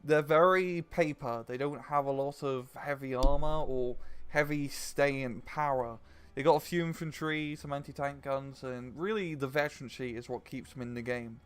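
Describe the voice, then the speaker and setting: Upbeat guy casting a strategy game replay, smooth resonant voice. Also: medium pitch, normal speed, fairly bright tone. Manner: chatty, upbeat co-commentator. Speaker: game caster.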